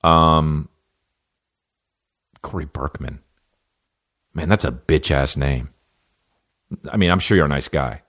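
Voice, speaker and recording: A man's voice: a bass voice, slow, pauses often, a bit bright. A man hosting a solo comedy podcast, reading out fan questions and riffing in a profane, sarcastic way. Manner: profane, sarcastic, jumps into mocking voices.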